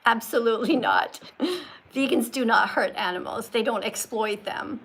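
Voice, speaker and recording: A woman hosts a live-stream call-in with a fairly high, gravelly voice. She lectures her callers in an emphatic, insistent way and drills them on pronunciation, pressing each point hard. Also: measured pace, fairly bright tone. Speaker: livestream host talking with callers.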